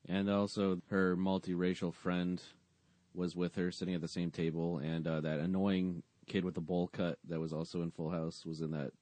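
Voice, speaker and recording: A man's voice: sits low, level tone, normal speed, darkish tone, dry recording. A man co-hosting a podcast, recapping a sitcom episode in a dry, sarcastic way. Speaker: podcast co-host.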